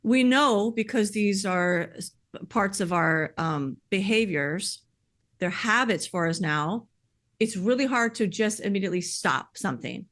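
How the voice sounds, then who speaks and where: A woman speaking in earnest, conversational podcast talk, heartfelt and animated, often filling with "like" and "you know.". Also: medium pitch, measured pace. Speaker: podcast speaker sharing personal experience.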